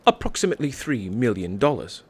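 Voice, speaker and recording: A man doing a velvet-smooth English phone scammer. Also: mid-range voice, very animated, fairly quick, no echo. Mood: persuasive. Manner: formal and unflappable. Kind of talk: comedy sketch acting.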